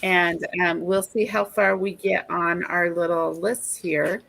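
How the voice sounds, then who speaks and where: A sleepy woman hosting a late-night livestream, yawning and talking in a halting way with many fillers. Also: fairly low pitch, steady tone, creaky, fairly bright tone. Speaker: livestream host.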